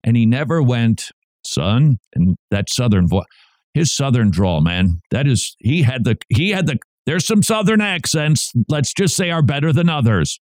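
A man's voice: medium pitch, big pitch swings, normal speed, a little mellow, dry recording. A man hosting a Christian radio show, talking in an earnest, preacherly way with emphatic repetition into a studio mic. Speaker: radio host. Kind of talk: radio commentary.

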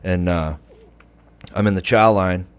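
A man's voice: sits low, unhurried, clean tone. A man tells a gritty story from his past. His talk is loose and profane, and he acts out the people he quotes. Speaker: podcast guest in recovery. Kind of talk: casual storytelling.

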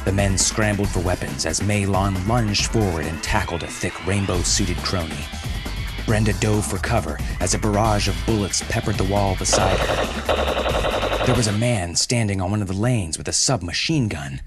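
A man reading a story aloud in a steady, dramatic narration. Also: low-pitched, moderate pace. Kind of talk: scripted narration. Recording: music playing under the voice.

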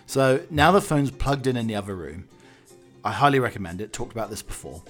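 A man's voice: mid-range voice, lively intonation, brisk, faint music behind. A Scottish man hosting a podcast, rambling through a jokey, musing comic monologue. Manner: jokey, musing, drifts between tangents. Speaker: podcast host.

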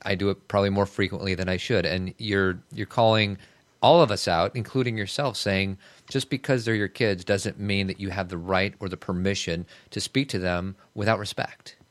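A man's voice: deep voice, fairly even intonation, normal speed, dry recording. A man co-hosting a podcast, casual and teasing with guests and his co-host. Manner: teasing, jokey. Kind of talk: casual interview and chat.

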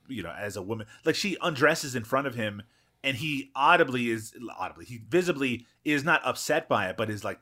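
A man's voice: medium pitch, pushed and bright. A man co-hosting a film podcast, talking casually and at length, with frequent restarts and swearing. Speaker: podcast co-host. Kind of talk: casual chat.

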